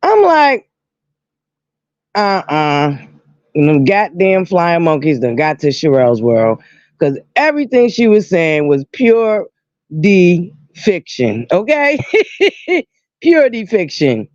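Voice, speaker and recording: Slow, drawling woman host. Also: on the low side, very animated, a little mellow, no room sound, dull audio. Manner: drawling, exclamatory, greets viewers by name. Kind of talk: casual live-stream chat.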